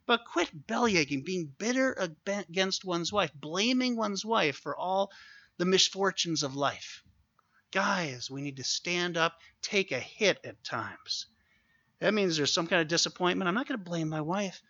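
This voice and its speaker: Earnest preaching man, bright voice. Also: high voice, lively intonation, no echo, highs cut off. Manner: earnest, exhorting, slows down for emphasis. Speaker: pastor. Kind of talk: sermon.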